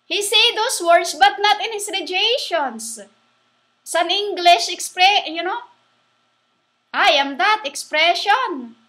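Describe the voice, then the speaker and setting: A woman giving a rambling religious monologue, halting and restarting, spelling words out letter by letter. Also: extremely high pitch, sharp tone. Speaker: self-styled preacher.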